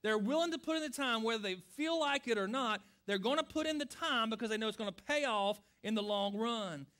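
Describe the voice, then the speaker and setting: A man's voice: very high voice, lively intonation, fairly quick, sharp tone. A middle-aged male pastor giving a sermon that answers questions from listeners, talking earnestly and conversationally and asking the congregation direct questions.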